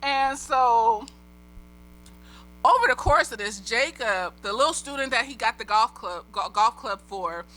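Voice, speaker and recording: A woman's voice: on the high side, animated, unhurried, pushed and bright, rough recording. A slightly tipsy woman recapping a TV episode in a rambling, casual way, swearing freely and laughing often. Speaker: TV episode reviewer.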